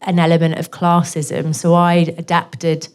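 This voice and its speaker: A woman's voice: lowish voice, monotone, measured pace, darkish tone, clean tone. A woman from Northeast England with a posh southern English accent, speaking as a guest author and answering audience questions candidly at a live bookshop event. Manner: candid, chatty, full of self-deprecating asides.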